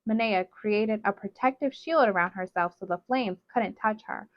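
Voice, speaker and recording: A woman reading a novel aloud in steady, dramatic narration, on a dull, dry recording. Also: mid-range voice, normal speed, no room sound. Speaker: storybook reader.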